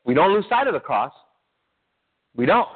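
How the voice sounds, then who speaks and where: Pastor preaching over a tinny line. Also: male voice, high voice, big pitch swings, normal speed, husky. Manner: conversational, asks the congregation questions. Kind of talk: sermon. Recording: tinny phone-like sound.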